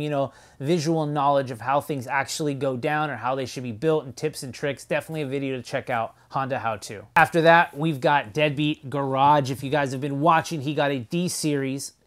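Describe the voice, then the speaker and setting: Man, enthusiastic car-vlog host, loose rambling delivery, slightly high-pitched. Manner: enthusiastic, rambling, fillers like "you know". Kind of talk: casual weekly recap vlog.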